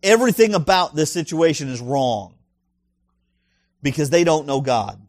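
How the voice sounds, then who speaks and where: A man's voice: fairly high pitch, very animated, moderate pace, no echo, clean studio sound. A male pastor preaching a sermon in an emphatic way, full of rhetorical questions and punchy asides.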